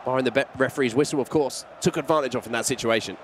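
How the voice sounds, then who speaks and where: A man giving play-by-play commentary on an esports football match, calling the action and rising with excitement at chances. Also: medium pitch, fast talker, hardly any pauses, a little hiss or hum.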